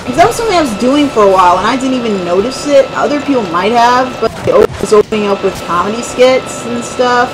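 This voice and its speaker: A man's voice: extremely high pitch, animated, fast, few pauses, music in the background, rough recording. A man giving casual, rambling let's play commentary, joking about himself and the game as he plays. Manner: rambling, self-mocking, chuckling.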